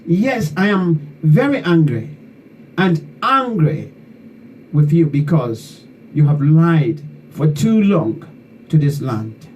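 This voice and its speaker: A man's voice: a little high, big pitch swings, takes it slowly, a little mellow. A man from Liberia, hosting an online talk show and delivering fervent, repetitive political commentary that scolds his listeners. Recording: distant mic with faint background noise.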